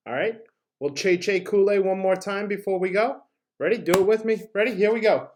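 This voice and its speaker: A man's voice: high voice, normal speed, background noise. A man teaching drama, giving upbeat classroom instructions and leading call-and-answer chants.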